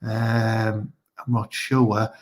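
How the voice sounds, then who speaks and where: A man's voice: fairly low pitch, completely flat delivery, very slow, darkish tone. A man with a Teesside accent hosting a live online comedy show, rambling in crude, casual chat and leaning on "you know what I mean".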